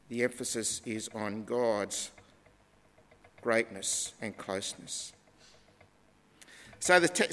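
A man preaching a sermon in a measured teaching tone with deliberate emphasis. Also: mid-range voice, fairly bright tone. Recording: long reverb of a large hall.

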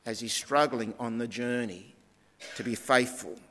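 A man preaching a sermon in a measured teaching tone with deliberate emphasis. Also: medium pitch, bright, forceful tone, slight background noise. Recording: long reverb of a large hall.

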